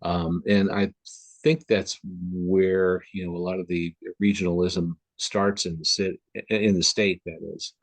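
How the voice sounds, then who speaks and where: A man's voice: low voice, little pitch movement, unhurried, no echo. A man from the Upper Midwest chatting as a guest on a video call, rambling with lots of fillers and restarts. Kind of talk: casual conversation on a video call.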